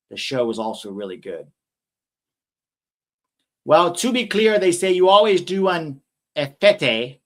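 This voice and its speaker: A man's voice: mid-range voice, a bit bright. A young man hosting a casual live watch-along stream, chatting and reading viewer comments aloud.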